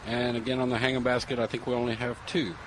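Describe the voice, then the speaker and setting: Nursery manager guest, plain factual talk, faint noise. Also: male voice, medium pitch, little pitch movement, fast talker, rough recording. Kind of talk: casual radio chat.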